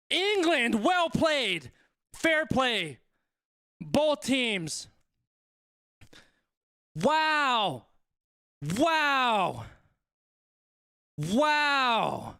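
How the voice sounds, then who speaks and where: A high-voiced, excitable man hosts a live sports watch-along and calls the action as it happens. His delivery is unhurried but bright and sharp, and he keeps repeating his exclamations. The sound is dry and close. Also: no room sound. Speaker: live stream host.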